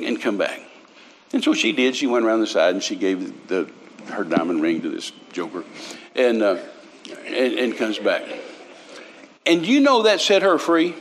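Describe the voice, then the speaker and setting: A man's voice: a little high, fairly bright tone. An older man, preaching a sermon through folksy, humorous stories with many restarts. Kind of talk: storytelling sermon.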